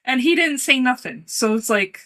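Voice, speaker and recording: A woman's voice: high-pitched, expressive, normal speed, fairly bright tone. A woman co-hosting a casual chat, rambling and giggling often. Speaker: co-host.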